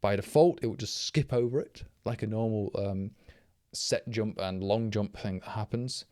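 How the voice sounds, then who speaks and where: A slightly low-pitched man talks through live coding and rambles as he works. He is a little tipsy from drinking and keeps stopping to correct himself mid-sentence. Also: normal speed, dark tone, no echo, studio quality. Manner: rambling, thinking aloud, self-correcting. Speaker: programmer streaming live.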